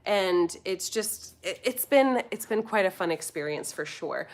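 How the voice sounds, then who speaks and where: An American woman in her thirties, a food vlogger, chats casually on a live stream, reading viewer comments aloud as she rambles. Her mid-range voice is expressive and a little slow, with few pauses.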